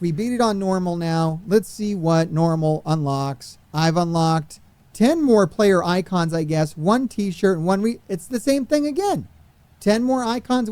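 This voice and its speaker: Exasperated high-voiced gaming streamer man. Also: dark tone, dry recording. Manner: exasperated, swearing rants. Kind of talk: gameplay commentary.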